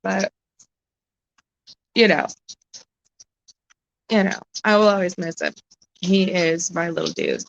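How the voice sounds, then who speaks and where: A woman chatting on a live stream, close to tears, halting and emotional, swearing often as she talks. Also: on the low side, huge pitch swings, vocal fry, no echo, lo-fi sound. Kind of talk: casual live-stream chat.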